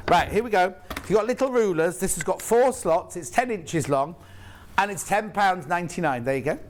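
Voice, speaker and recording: A man's voice: high-pitched, expressive, fairly quick, slight background noise. A man presenting on a live TV shopping channel in a TV studio, chatting and rambling with jokey asides while he sells. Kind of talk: live TV sales chat.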